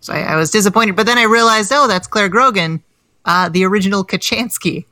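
A woman's voice: mid-range voice, brisk, bright, forceful tone, no echo, studio quality. An American woman in her thirties, a comedian chatting casually as a podcast guest, self-deprecating and full of restarts. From United States.

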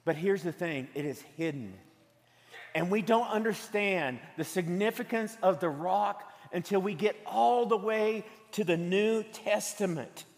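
Guy pastor with a high voice cracking jokes in his sermon, big echoey church hall. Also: unhurried. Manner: humorous, storytelling. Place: church sanctuary. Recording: long hall reverb from a church sanctuary.

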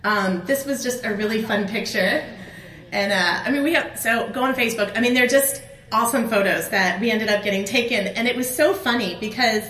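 Animated, bright-voiced woman in an echoey hall. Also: a little high, brisk. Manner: animated storytelling, acts out her own outbursts. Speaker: conference speaker. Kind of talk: personal story in a faith talk. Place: conference hall. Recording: echoey room with faint ambience.

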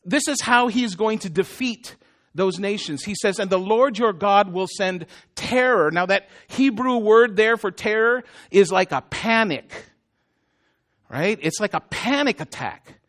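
A man's voice: sits high, expressive, measured pace, a bit bright. A man preaching a sermon in a conversational way, with self-deprecating jokes and asides to the congregation. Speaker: pastor.

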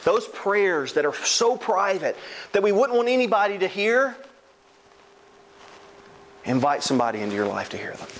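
A man's voice: sits high, very animated, moderate pace, long pauses, a bit bright, slight background noise, rough recording. A man preaching a sermon as a pastor, earnest and emphatic.

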